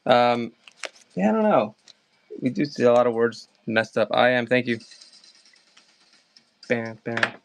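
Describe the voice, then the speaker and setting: A man's voice: medium pitch, gravelly, a little hiss or hum. A man with a Maryland accent hosting a casual live sale of comics, chatting and calling out bids. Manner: chatty, rambling, calls bids fast. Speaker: livestream seller. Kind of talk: casual live auction chat.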